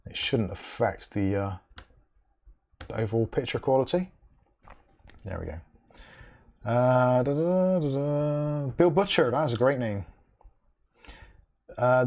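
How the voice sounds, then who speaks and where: With a mid-range, darkish-toned voice, this man runs a laid-back livestream. He's chatty, reads out viewer comments, tosses off dry remarks, and hums "da da da" between them.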